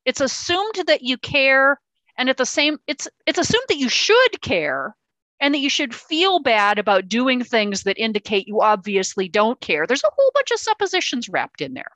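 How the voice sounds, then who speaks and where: In a meeting hall, a woman gives a casual talk on verbal self-defense, walking through techniques and performing example lines in different voices while using fillers and restarting sentences. Her voice sits high and is very animated, at normal speed with a fairly bright tone. The recording is low quality and has no room sound.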